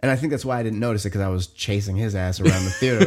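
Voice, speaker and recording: A man in his thirties, a podcast co-host telling a long story in casual chat, animated, with lots of "like" and swearing. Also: fairly low pitch, fast, music in the background.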